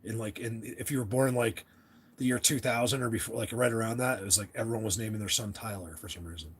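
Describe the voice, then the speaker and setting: A man's voice: fairly low pitch, fairly even intonation, fast, slightly rough. A young American man hosting a casual livestream chat, rambling and restarting his sentences as he talks to viewers. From United States. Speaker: livestream host.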